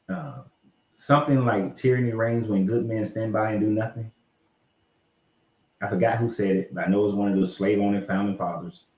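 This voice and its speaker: A man talking in a blunt, rambling way, with the odd curse and laugh. His voice sits a little low. He is heard in a room with a noticeable echo. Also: fairly even intonation, fairly quick, a little mellow. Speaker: host. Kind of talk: casual livestream chat.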